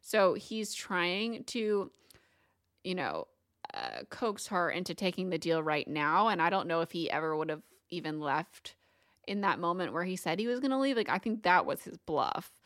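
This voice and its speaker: A woman co-hosting a book podcast, retelling chapters in a casual, animated way and laughing often. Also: on the low side, normal speed, no room sound, clean studio sound.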